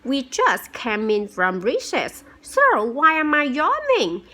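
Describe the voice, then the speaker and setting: A puzzled young schoolboy keeps asking why he is yawning, as a woman puts him on. The voice sits very high and sounds bright and sharp. He speaks slowly and carefully, like a practice reading. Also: wildly swooping pitch, exaggerated voice.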